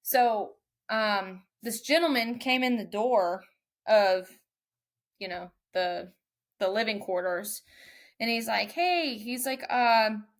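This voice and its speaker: A young woman, a mechanic guest on a podcast, telling a story casually and lively, quoting others in raised voices. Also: medium pitch, slow.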